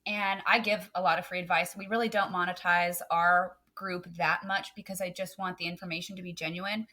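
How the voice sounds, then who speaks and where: A woman's voice: on the low side, little pitch movement, fairly quick, bright, forceful tone. A woman photographer on a podcast, talking earnestly and emphatically with many "um" fillers. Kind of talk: casual podcast chat.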